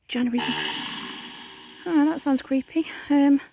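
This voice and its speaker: A woman's voice: sits high, a little slow, vocal fry, long pauses, warm tone, a little hiss or hum. A woman vlogging a night ghost hunt in a cemetery, often whispering and calling out to spirits. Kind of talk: hushed vlog narration.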